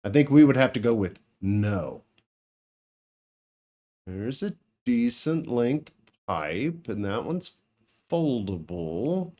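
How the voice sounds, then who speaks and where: Laid-back guy talking through his farming game, slow and easygoing, thinking out loud. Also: medium pitch, sing-song. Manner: musing aloud, thinking out loud with small laughs. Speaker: let's play gamer. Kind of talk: casual gameplay commentary.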